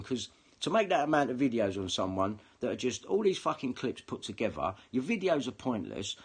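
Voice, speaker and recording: An online video commentator delivers an angry, ranting monologue to camera in a medium-pitched, slightly rough male voice. He swears heavily, sounds combative, and often repeats himself.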